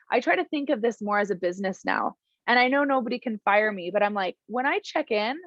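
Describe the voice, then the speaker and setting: A woman's voice: medium pitch, no echo, muffled recording. A young woman, giving a casual motivational talk to her team. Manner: warm, encouraging, emotional at times; chatty with many fillers. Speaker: team leader addressing her downline.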